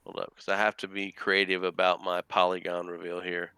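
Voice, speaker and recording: A man's voice: low-pitched, monotone, brisk, a crowd in the background. A man acting as dungeon master, explaining the map to players with frequent restarts. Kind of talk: running a tabletop game over a call.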